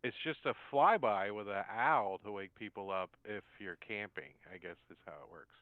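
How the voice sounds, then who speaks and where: A man narrating and running a tabletop game as dungeon master, animated and quick with asides. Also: lowish voice, no room sound, phone-quality sound.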